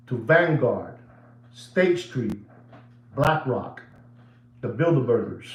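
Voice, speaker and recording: A man rants casually to his viewers in a lively, repetitive way, often slipping into Spanish phrases. His voice sits at an ordinary middle pitch. It bounces around an echoey room. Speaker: watch channel host. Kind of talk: casual rant to camera.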